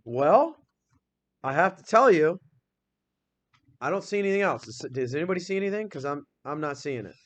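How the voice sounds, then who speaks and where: This grammar lesson is led by a man with a slightly high voice, upbeat and full of energy in the classroom. He rapidly questions the class and reads example sentences at a slow pace.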